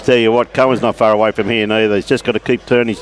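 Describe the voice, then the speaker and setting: A man's voice: on the low side, fairly even intonation, fast, a little hiss or hum. A man with an Australian accent giving casual live commentary on lawn bowls outdoors at a club, chatting and greeting viewers by name.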